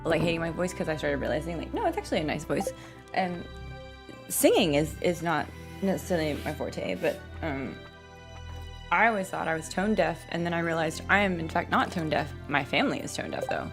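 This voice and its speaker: A young woman streaming a game, chatting casually and rambling with lots of fillers and restarts, speaking into a desk mic on a boom arm. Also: lively intonation, fairly quick. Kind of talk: casual gaming stream chat. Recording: game music playing clearly behind.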